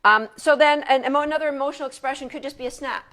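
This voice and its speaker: Woman, dog trainer, casual lecture, chatty, restarts often, slightly high voice. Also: racing, a bit bright. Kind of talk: informal lecture. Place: home, sitting on a couch.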